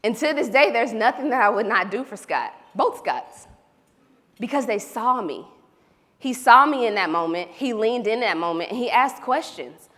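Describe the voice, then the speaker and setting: Woman, lively keynote storyteller, forceful bright voice, hall echo. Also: on the high side, moderate pace. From Oklahoma. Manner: animated, storytelling, talks to the audience directly. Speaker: keynote speaker. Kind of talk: motivational keynote speech. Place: large hall. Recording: reverberant event hall.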